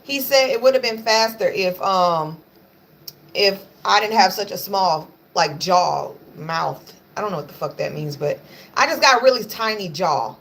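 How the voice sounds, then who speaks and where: Woman, livestream host, blunt and profane, bright forceful voice, faint noise behind. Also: mid-range voice, expressive, moderate pace, creaky. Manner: blunt, profane, chatty, scolding her pets. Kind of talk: casual livestream chat.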